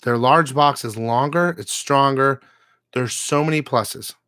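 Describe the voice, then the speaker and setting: A man's voice: mid-range voice, a little slow, fairly bright tone, clear, resonant tone. A man hosting a comic book channel, ranting casually to his viewers, blunt and profane, with rambling asides.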